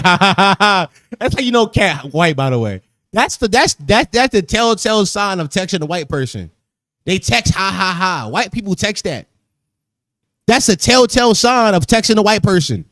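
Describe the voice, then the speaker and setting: A man's voice: high voice, a bit bright, dry recording, studio quality. A man hosting a podcast in casual chat, joking loosely, laughing often and repeating phrases. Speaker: podcast host.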